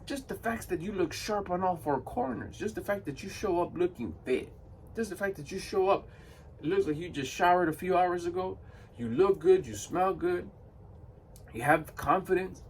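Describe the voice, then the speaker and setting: A man's voice: high-pitched, expressive, moderate pace, recorded from a distance, a little hiss or hum. A man giving a blunt, emphatic motivational monologue to camera. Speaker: motivational vlogger.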